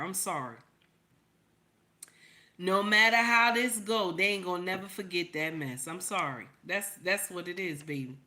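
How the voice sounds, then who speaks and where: Bright-voiced emphatic woman host. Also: on the low side, moderate pace. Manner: emphatic, repeats points, greets chat by name. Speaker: channel host. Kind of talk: casual commentary livestream.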